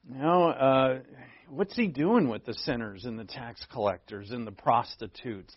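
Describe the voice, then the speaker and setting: A man preaching from the pulpit in an easygoing, questioning way, his voice slightly gravelly at a middling pitch. The recording is dry with little room sound and a somewhat dull, lo-fi tone. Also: dry recording. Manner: conversational preaching, asks the congregation questions. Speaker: pastor. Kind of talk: sermon.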